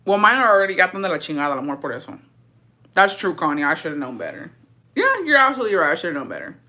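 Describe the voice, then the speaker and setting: A woman's voice: on the low side, huge pitch swings, fast talker, bright, forceful tone. A young woman livestreaming, chatting casually and answering viewer comments in a blunt, profane and dramatic way.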